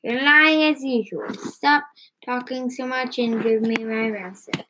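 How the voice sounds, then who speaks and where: A woman voicing a cranky, bossy old grandmother who shouts and scolds, read aloud slowly from a storybook. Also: on the high side, slight background noise, low-quality recording.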